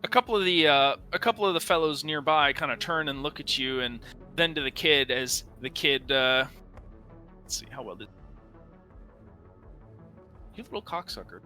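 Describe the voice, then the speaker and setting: A man's voice: medium pitch, moderate pace, long pauses, pushed and bright, soft background music. A man running a tabletop game as game master, narrating casually with frequent swearing and hesitations.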